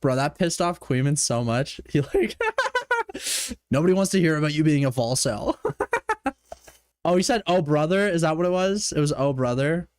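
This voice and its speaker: A man from Canada streaming a casual reaction commentary, animated, profane and mocking. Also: a little high, normal speed, long pauses, no room sound, clean studio sound.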